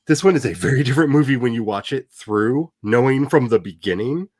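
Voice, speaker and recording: Male host, casual chat, animated rambler, mid pitch, dry close sound. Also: a little fast, dry recording. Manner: animated, rambling with many fillers.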